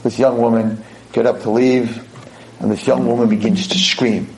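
A man's voice: medium pitch, little pitch movement, normal speed, darkish tone, low-quality recording. A male rabbi delivering a dramatic storytelling sermon, emotional and vivid.

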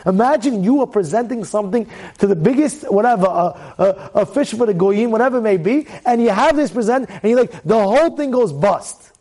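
A man with a high voice teaches a Torah lesson as a lively story. He keeps firing repeated rhetorical questions at his listeners and suddenly gets loud at the big moments. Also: brisk.

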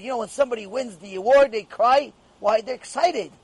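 A male rabbi teaches Torah with emphatic repetition, driving each point home several times. His voice sits high and carries a husky edge. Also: a little fast, few pauses, rough recording. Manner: emphatic, repeats key phrases. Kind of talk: Torah lecture.

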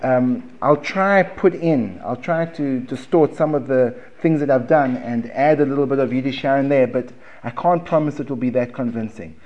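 A man with a South African accent teaching a Talmud class in a relaxed, conversational way, restarting phrases and checking in with his students. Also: medium pitch, normal speed, muffled recording. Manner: conversational, repeats words and restarts, asks the room questions. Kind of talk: informal classroom lecture. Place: basement classroom.

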